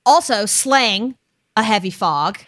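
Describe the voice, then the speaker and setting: A woman co-hosting a podcast in casual chat, playful and quick to laugh, talking from home over a video call. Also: mid-range voice, lively intonation, a bit bright, no echo, clean studio sound. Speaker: podcast co-host.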